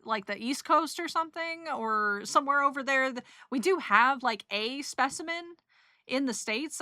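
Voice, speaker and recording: A woman's voice: on the high side, bright, forceful tone, dry recording, studio quality. A young woman casually recapping a trip for her stream, rambling and emotional, with giggles and lots of fillers. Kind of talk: casual chat.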